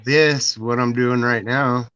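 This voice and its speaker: A man's voice: medium pitch, fairly even intonation, slow, a bit bright, clean tone, no echo. Laid-back man in a dry lo-fi recording. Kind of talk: casual chat. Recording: dry, dull lo-fi sound.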